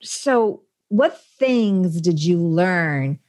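A woman's voice: on the low side, animated, drawn-out words, a little mellow. A woman hosting a conversational interview, speaking reflectively and often restarting her sentences. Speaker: podcast host.

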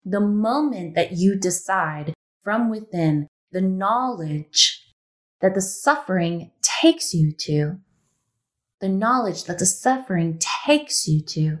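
A woman's voice: medium pitch, expressive, takes it slowly, low-quality recording. Earnest woman hosting a spiritual interview. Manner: earnest, repetitive, emphatic. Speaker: podcast host.

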